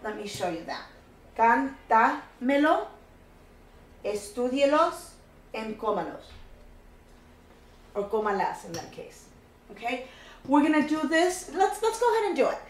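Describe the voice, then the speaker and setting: A woman's voice: a little high, very animated, moderate pace, pauses often, echoey room, poor audio. A woman teaching a Spanish grammar lesson, patiently walking through each step and repeating key points.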